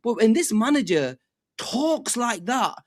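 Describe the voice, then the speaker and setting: A man on a football fan panel who talks in halting bursts, repeating words and swearing when riled. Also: very high-pitched, big pitch swings, no room sound, clean studio sound. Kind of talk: casual fan chat.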